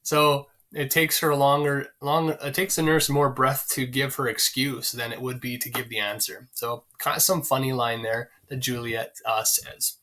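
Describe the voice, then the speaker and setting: Male teacher, bright clear voice, casual lesson delivery with plenty of fillers. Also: medium pitch, level tone. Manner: conversational, many fillers, pauses to find lines. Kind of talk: explaining a play to students, casual.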